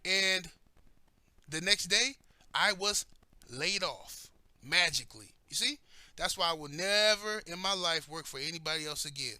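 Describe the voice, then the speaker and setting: A man's voice: on the high side, animated, measured pace, pushed and bright, dry recording. A man telling personal stories in a blunt, heated way, cursing heavily as he talks. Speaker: commentator. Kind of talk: profane personal storytelling.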